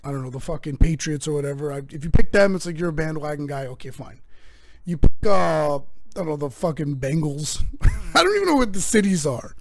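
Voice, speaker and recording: A man's voice: fairly high pitch, brisk, gravelly. A man hosting his own show, delivering a rambling, profane comedic monologue. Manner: rambling, profane, animated rants. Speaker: host.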